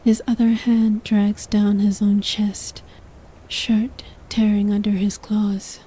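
Slow breathy woman, whispered role-play. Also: mid-range voice, level tone, rough recording. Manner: second-person storytelling, hushed and sensual. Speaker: narrator.

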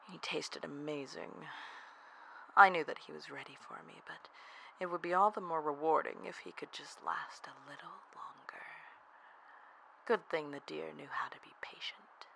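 A narrator telling a first-person erotic audio story in a soft, half-whispered, breathy delivery. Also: medium pitch, a little hiss or hum, poor audio.

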